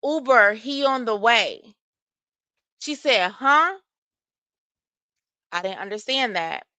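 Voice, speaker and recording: A woman host reading messages aloud and reacting to them, talking in an animated, exclaiming way. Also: on the high side, no room sound. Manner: animated, exclaiming, reads aloud in a quick flat run.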